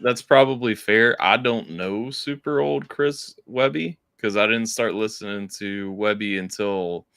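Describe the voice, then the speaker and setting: A man's voice: lowish voice, unhurried, creaky, few pauses, a bit bright, smooth, dry recording. Laid-back man on a dry mic. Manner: laid-back, agreeable, slangy. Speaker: stream host. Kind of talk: casual reaction chat. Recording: dry close mic, faint music behind.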